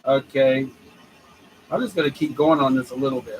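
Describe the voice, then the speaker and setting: A man's voice: medium pitch, steady tone, normal speed, slight background noise, low-quality recording. A man thinking aloud as he drafts rhyming lines, repeating phrases and trying them out with sudden emphatic bursts. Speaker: podcast host writing rhymes. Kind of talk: thinking aloud while writing lyrics.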